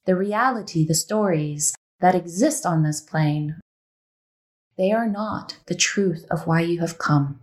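A woman hosts a spiritual interview in an earnest, emphatic way. She returns to her key phrases again and again. Her voice sits slightly low. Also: unhurried, darkish tone, rough recording. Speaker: podcast host.

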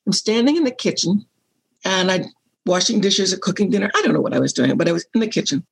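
Husky, gravelly-voiced woman in her sixties. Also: medium pitch, lively intonation, fast. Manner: candid storyteller, acts out remembered dialogue. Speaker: interview guest. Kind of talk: personal storytelling in conversation.

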